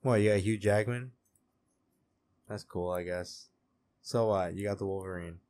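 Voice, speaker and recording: A man's voice: low-pitched, measured pace, darkish tone. A young man co-hosting a podcast in casual, profane banter. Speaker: podcast co-host. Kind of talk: casual chat.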